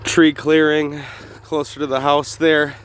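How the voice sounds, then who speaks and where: A young man casually narrating a homestead vlog outdoors in the snow, talking in a relaxed, rambling way with many pauses. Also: fairly high pitch, smooth. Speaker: homestead vlogger. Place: outdoors on a snowy rural property. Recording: faint engine noise behind. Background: idling engine.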